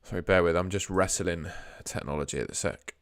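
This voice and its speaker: Young guy, deep voice, chatty live stream host, dry close mic. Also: a little fast, no echo. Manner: chatty, thinks aloud while fiddling with screens. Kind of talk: casual live stream chat.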